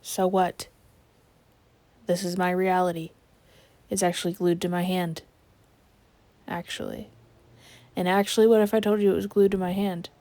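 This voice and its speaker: A woman's voice: on the low side, a little mellow. A young woman vlogging while she paints in her yard, chatting playfully to herself with sudden whispered asides. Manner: rambling, playful, self-talking with sudden whispers. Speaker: art vlogger. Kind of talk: casual chat while painting outdoors. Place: backyard, outdoors.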